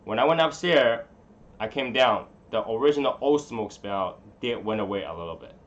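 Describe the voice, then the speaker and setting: A man's voice: medium pitch, lively intonation, normal speed, dull audio, slight background noise. A man hosting a casual live stream, rambling and muttering to himself as he fiddles with his settings in a room at home. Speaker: livestream host.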